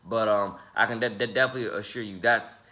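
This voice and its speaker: Quick and fairly flat in intonation, a low-voiced man in his 20s vlogs casually to camera with a bright, forceful tone. He's an independent rapper and YouTuber who rambles, stumbles, repeats words and leans on fillers.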